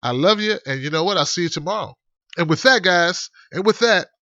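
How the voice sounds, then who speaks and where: A man hosting his online talk show in a casual, rambling way, with animated shout-outs to his viewers. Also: sits high, a little fast, dry recording. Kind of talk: casual livestream chat. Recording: dull lo-fi stream audio.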